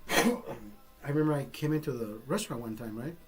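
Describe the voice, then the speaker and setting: Over loud music, a man with a medium pitch and lively intonation takes his time telling a personal story on a casual vlog. His delivery is profane and meandering, full of self-interruptions and restarts.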